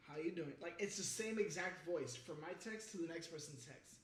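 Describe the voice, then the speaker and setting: A man's voice: fairly high pitch, lively intonation, normal speed, fairly bright tone. A man co-hosting a casual podcast chat, teasing and swearing freely as he tells stories. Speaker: podcast co-host. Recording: echoey room, distant mic, faint noise.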